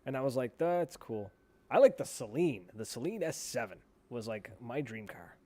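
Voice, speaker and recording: A man's voice: mid-range voice, sing-song, fairly quick, mellow. A man co-hosting a paintball podcast in casual chat, rambling and blunt, swearing freely. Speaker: podcast co-host.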